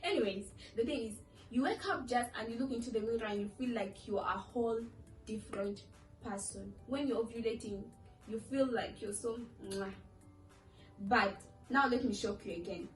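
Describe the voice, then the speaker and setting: Talking casually to camera, a young woman vlogs in a chatty, playful way and acts out the voices she quotes. Her pitch sits fairly high and her pace is moderate. She's recorded from far off in an echoey room, with faint music underneath.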